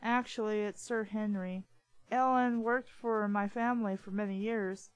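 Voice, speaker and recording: Woman reading as a charming upper-class gentleman. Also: medium pitch, fairly even intonation, measured pace, no echo, lightly acted, poor audio. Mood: polite.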